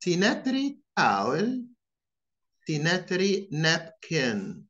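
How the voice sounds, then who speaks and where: Male English teacher drilling vocabulary, very slow, sing-song pitch, dull lo-fi sound. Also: wildly swooping pitch, fairly bright tone. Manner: slow, deliberate, repeats each word in pairs.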